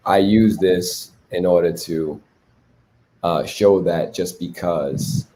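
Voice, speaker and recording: A man's voice: very deep voice, warm tone, slight background noise. A man hosting a relationship talk on a video call, explaining abuse to a group with many rhetorical questions. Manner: teaching, asks rhetorical questions.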